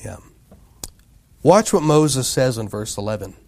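A pastor preaching a sermon in a casual, conversational way, often asking the congregation questions and acting out quoted voices. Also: male voice, medium pitch, big pitch swings, a little slow, creaky, darkish tone.

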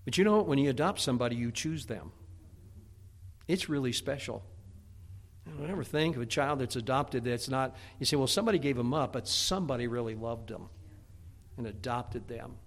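A man's voice: medium pitch, brisk. A middle-aged man preaching a sermon in a folksy way, often restarting with stammered repeats. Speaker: pastor.

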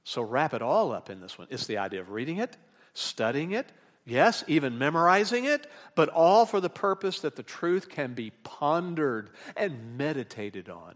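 A man preaching an expository sermon as pastor, rising to emphatic peaks and dropping into relaxed, joking asides. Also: mid-range voice, normal speed. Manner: animated preaching that rises in emphatic bursts, with asides.

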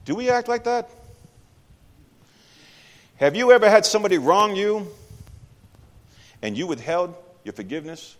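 A man's voice: sits high, sing-song, moderate pace, pauses often. A man preaching a sermon in a church, speaking conversationally and emphatically and putting questions to the congregation. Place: church sanctuary. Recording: long hall reverb.

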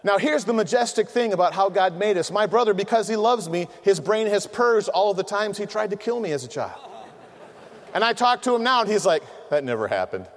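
A middle-aged preacher with a high voice for a man delivers a sermon to a room of men. He spins humorous family stories, acting out voices as he goes. A long hall reverb trails his words. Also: a little fast, a little hiss or hum.

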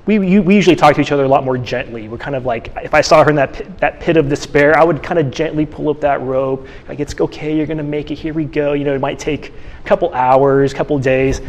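Talking fast with fairly even intonation, a man with a fairly high voice leads a church class conversationally. Restarts and fillers run through his sentences, and a long reverb tail follows his words.

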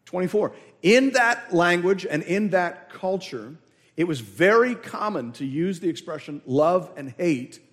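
A man preaching a sermon as pastor, emphatic, repeating key words and asking the congregation questions. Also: high-pitched. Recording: long hall reverb.

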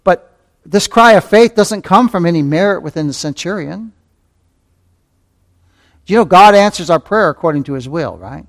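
A man's voice: sits high, lively intonation, moderate pace, pauses often. A man preaching a sermon as pastor, repeating key phrases, asking rhetorical questions and calling listeners beloved. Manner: repeats key phrases, rising to fervent emphasis.

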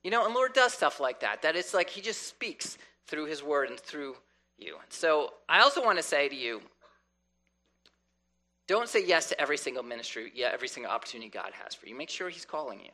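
A man preaching a sermon in an animated way, often acting out the voices of people praying. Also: fairly high pitch, fairly quick.

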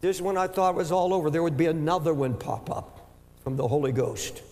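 An older man preaching a sermon with a fervent, halting delivery that climbs to shouting. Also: fairly high pitch. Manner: impassioned, rising to shouts, halting repetitions. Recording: echoey hall with long reverb.

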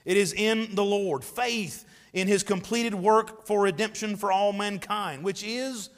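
Pastor, male, emphatic preaching, fairly high voice, long church reverb. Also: a little slow. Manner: emphatic preaching with swells in volume, reads scripture aloud. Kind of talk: sermon. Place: church sanctuary.

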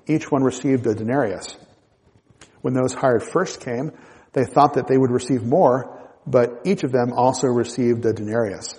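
A man with a mellow, dark-toned voice reads Bible passages and then unpacks them in a measured, reflective manner, sometimes restarting a phrase mid-thought. His voice carries a long reverb, as if in a large, echoing room. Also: medium pitch. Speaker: Bible teacher. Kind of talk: reading and explaining scripture.

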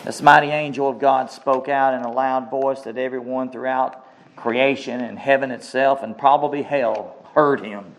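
A man preaching a sermon, emphatic and repetitive, his voice climbing on key phrases before dropping back. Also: mid-range voice. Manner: slow, emphatic preaching with rising outbursts and repeated phrases.

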